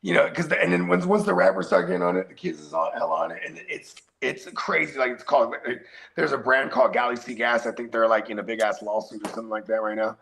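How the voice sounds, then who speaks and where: Gravelly Bay man hosting a podcast. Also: medium pitch, quick pace, a bit bright. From San Francisco Bay Area. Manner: loose, profane, rambling with many fillers. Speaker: podcast host. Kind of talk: casual podcast chat.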